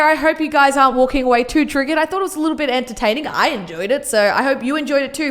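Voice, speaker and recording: A woman reacting to photos in a casual vlog, sassy and exclaiming, quick to get worked up. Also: high-pitched, lively intonation.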